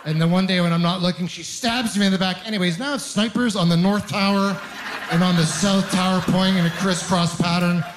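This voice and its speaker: A man's voice: high-pitched, fairly even intonation, a little hiss or hum. Wry, self-mocking male stand-up comic. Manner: wry, self-mocking storytelling with rapid rhetorical questions. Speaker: stand-up comedian. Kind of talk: stand-up comedy set.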